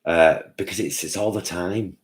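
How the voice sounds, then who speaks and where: A man's voice: sits low, moderate pace. A man hosting a casual live-stream chat, chatty and answering viewers' comments by name.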